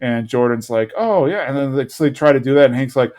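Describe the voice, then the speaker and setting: A man's voice: medium pitch, fairly even intonation, fast talker, a little mellow. A man co-hosting a podcast, casually recapping an episode and rambling, sometimes acting out characters' lines. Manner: rambling, acts out lines in funny voices. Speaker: podcast co-host.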